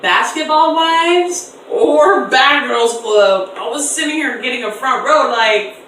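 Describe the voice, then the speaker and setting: A young woman in her twenties telling a storytime on camera in an animated, slangy way, acting out voices in quotes. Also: sits high, slow, slight background noise. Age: 20s. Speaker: vlogger. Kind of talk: casual storytime. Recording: echoey room, distant mic.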